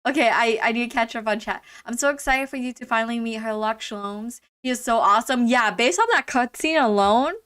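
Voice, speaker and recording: A woman's voice: on the high side, a little fast, hardly any pauses, clear, resonant tone. A young adult woman giving chatty, bubbly commentary while streaming a game, full of "like" fillers. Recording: streamed voice over loud game music.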